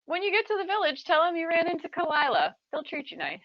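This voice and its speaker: A woman's voice: extremely high pitch, very animated, fast, no room sound, pitched above the performer's own voice. A woman voicing a kind young cat-folk woman wanderer in a tabletop game, friendly and upbeat. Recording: slightly dull, lo-fi sound.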